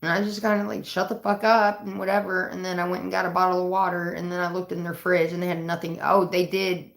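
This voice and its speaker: A woman's voice: fairly low pitch, fast, vocal fry. A woman livestreaming, casually telling stories to her viewers, swearing freely and acting out the quoted lines. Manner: profane, animated retelling with quoted voices. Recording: echoey room.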